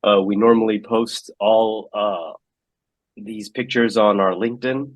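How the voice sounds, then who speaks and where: A man hosting an online meetup, relaxed and halting, with plenty of fillers, on a video call. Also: lowish voice, dry recording. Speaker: meetup host. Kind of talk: casual hosting.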